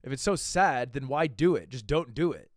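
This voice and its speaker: A young man in his twenties reacting to a video on stream, animated and swearing, switching between loud outbursts and quiet mutters. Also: mid-range voice, moderate pace, no echo, studio quality. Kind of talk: casual reaction commentary.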